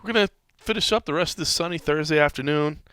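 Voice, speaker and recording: Bright-voiced man hosting a casual podcast. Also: on the high side, fast, clean tone, no room sound. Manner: rambling, laughs often. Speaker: podcast host. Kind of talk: casual chat.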